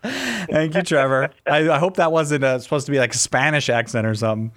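A man's voice: fairly high pitch, a bit bright. A man hosting a call-in radio show, chatting casually and laughing easily with his guest. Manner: jokey, laughs easily, quick asides.

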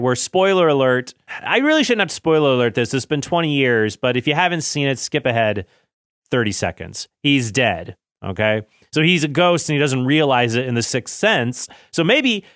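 A man's voice: fairly high pitch, fairly bright tone, no room sound, studio quality. A man in his thirties casually talking about films, chatty and self-correcting, often laughing at himself. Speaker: film commentary host. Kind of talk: casual film commentary.

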